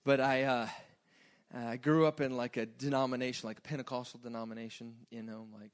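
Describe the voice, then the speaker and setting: A man preaching a sermon in a loose, joking way that swings between quiet asides and loud bursts. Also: mid-range voice, fairly even intonation, brisk.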